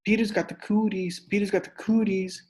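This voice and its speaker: A man reading aloud and voicing a bossy know-it-all schoolgirl in a shrill, sing-song way. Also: little pitch movement, normal speed, a little mellow, husky. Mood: taunting.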